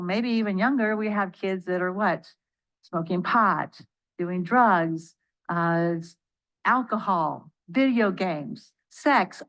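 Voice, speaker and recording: A woman's voice: on the high side, a bit bright, low-quality recording. A woman giving a spoken training lecture to educators, asking the audience questions and answering them herself, and acting out quoted speech. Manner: acts out quoted speech in changing voices. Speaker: trainer leading an accredited course for educators.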